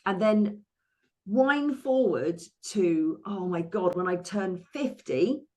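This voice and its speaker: Slow and medium-pitched, an Englishwoman in her sixties relates her life story as a guest in an interview. She's a therapist and money coach, and she tells it with spirit, restarting often and acting out quotes in a playful way.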